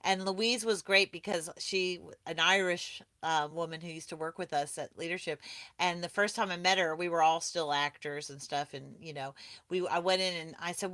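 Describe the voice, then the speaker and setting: A bright, lively woman hosts a live stream over a video call, chatty and enthusiastic with frequent laughs. Her voice is close and dry, with no room sound around it. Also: lowish voice, normal speed, no echo. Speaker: host of a live awards broadcast. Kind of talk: casual live-stream hosting.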